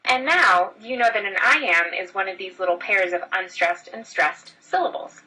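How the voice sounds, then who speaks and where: A woman's voice: mid-range voice, normal speed, bright, forceful tone, recorded from a distance, low-quality recording. A woman teacher explaining a lesson step by step, talking straight to her students. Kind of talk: screen-recorded lesson.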